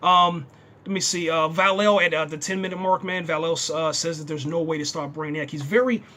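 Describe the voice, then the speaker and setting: Man, high voice, excitable, casual rambling review, slight background noise. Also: a little fast. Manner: excitable, says "man" constantly. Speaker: TV show reviewer.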